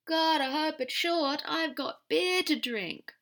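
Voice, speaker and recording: A woman's voice: high-pitched, slow pace, fairly bright tone, voice pushed up, full character voice. A woman playing jeering, rowdy bar hecklers. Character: rowdy, mocking male bar patrons.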